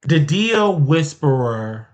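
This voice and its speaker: Speaking at a slow, sing-song pace, a commentary host on a live stream hammers his points repeatedly, his voice swinging widely in pitch and loudness.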